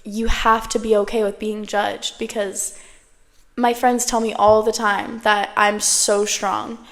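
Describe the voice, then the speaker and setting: A woman's voice: medium pitch, level tone, slow pace, a bit bright. A woman in her twenties hosting her own podcast, talking casually to camera from home, full of "like" and the odd swear. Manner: chatty, peppered with "like" and swearing. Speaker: podcast host. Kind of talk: casual solo chat to camera. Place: at home, indoors. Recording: long room reverb.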